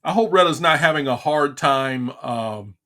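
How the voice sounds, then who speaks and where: Animated and sharp-toned, this middle-aged host's voice sits on the high side at a moderate pace. On his livestream he rants casually, frustrated and repetitive, stumbling and restarting again and again.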